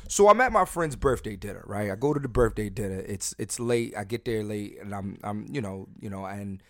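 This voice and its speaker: A man's voice: lowish voice, animated, brisk, dry recording, clean studio sound. A man hosting a casual podcast, brash and profane, rambling and restarting his sentences as he tells stories. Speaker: podcast host.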